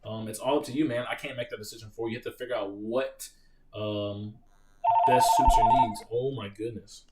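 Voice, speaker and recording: A young man hosting a casual live Q&A, reading out viewer questions and telling stories in an animated, profane way. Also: medium pitch, fairly quick, far from the mic, noisy background. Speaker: live stream host, Marine veteran.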